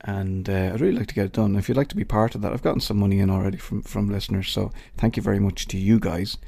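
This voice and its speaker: Gravelly Irish man rambling on his podcast. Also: fairly low pitch, quick pace, mellow. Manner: rambling, swearing, jokey asides to an imagined colleague. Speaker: podcast host. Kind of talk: casual solo podcast outro.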